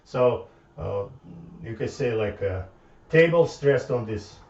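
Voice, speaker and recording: A man's voice: medium pitch, dark tone. Man lecturing in an echoey room. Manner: halting, repeats words, thinks aloud at the board. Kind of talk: informal math lecture. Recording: echoey room from far off, dull lo-fi sound.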